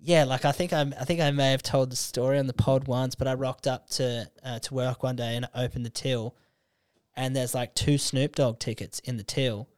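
A young Australian man, a comedian guest, telling stories in casual podcast chat, swearing freely and slipping into quick character voices. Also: mid-range voice, steady tone, darkish tone, smooth, dry recording, clean studio sound.

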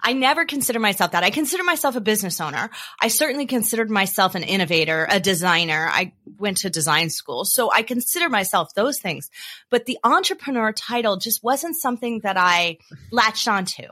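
A woman answering interview questions, telling lively stories and acting out the dialogue she quotes. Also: medium pitch, brisk. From South Africa. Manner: animated storyteller, acts out quoted dialogue. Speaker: podcast guest.

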